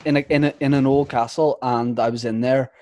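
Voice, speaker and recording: A man's voice: mid-range voice, steady tone, a little fast, darkish tone, dry recording. A man, hosting a casual chat and telling self-deprecating stories. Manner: chatty, self-deprecating storyteller. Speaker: host.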